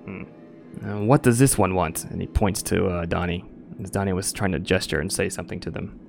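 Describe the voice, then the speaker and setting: A man narrating as game master of a tabletop game, relaxed, with frequent filler pauses. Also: low-pitched, gravelly, soft background music.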